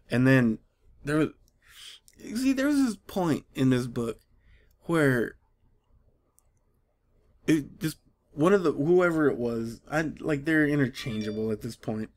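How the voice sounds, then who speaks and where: A man in the middle of a casual vlog rant, his voice sitting at an ordinary pitch. He sounds exasperated and mocking, swinging between jabs and rambling restarts. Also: big pitch swings, takes it slowly, long pauses, darkish tone. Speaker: comics vlogger. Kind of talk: casual ranting commentary.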